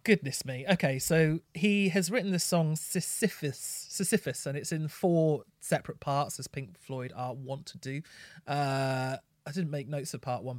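A man co-hosting a casual music review chat, blunt, sweary and mocking, breaking into excited rants. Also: mid-range voice, dry recording, clean studio sound. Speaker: podcast co-host.

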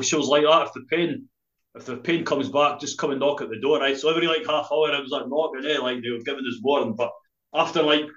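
A Scottish man from Dundee tells a rambling, sweary anecdote at an ordinary middle pitch, laughing now and then and ending lines with "eh?". His voice sits in a roomy space, and the audio is slightly dull. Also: fairly bright tone. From Scotland. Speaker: spoken word poet guest. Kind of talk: casual storytelling, sweary.

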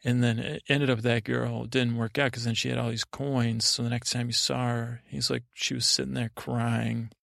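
A man hosting a bedtime podcast, telling a meandering, digressive story in a deadpan way. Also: medium pitch, moderate pace, creaky, few pauses, no echo, clean studio sound.

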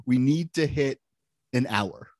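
A man's voice: medium pitch, takes it slowly, darkish tone. A man co-hosting a casual film podcast, wry and opinionated, giving blunt takes. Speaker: podcast co-host.

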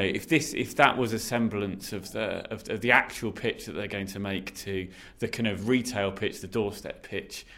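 A man's voice: fairly low pitch, pushed and bright. A man in a casual political chat, talking loosely and stumbling over repeated words. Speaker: political commentator.

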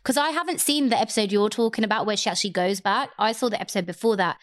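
A woman's voice: mid-range voice, rapid-fire, dry recording, clean studio sound. A young woman, co-hosting a casual chat and acting out quotes with exaggerated voices. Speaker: podcast co-host.

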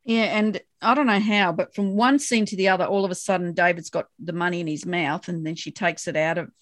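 An Australian woman co-hosting a casual chat about a TV episode, animated and acting out lines from scenes. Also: on the low side, fairly quick, no echo, clean studio sound. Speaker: podcast co-host.

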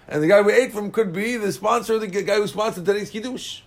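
Man teaching a lively Talmud class. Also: high-pitched, fairly quick, few pauses. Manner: lively, mixes Aramaic and Hebrew terms with plain explanation.

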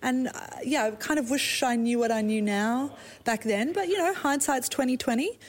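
A woman's voice: high-pitched, normal speed. Frank chatty Australian woman. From South Africa. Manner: frank, chatty, laughs easily, swears. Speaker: artist guest. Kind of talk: casual interview chat.

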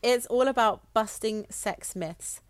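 A woman's voice: a little high, takes it slowly, dry recording. A young woman co-hosting a podcast, chatting casually with wry jokes and easy swearing. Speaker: podcast co-host. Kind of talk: casual chat.

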